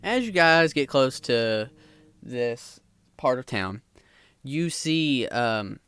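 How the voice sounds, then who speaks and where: A game master setting a scene for the players, describing it with frequent hesitations. The pitch moves around a lot. The sound is dry and close. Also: lively intonation, slow, a bit bright, clear, resonant tone, no echo. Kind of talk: narrating a tabletop game.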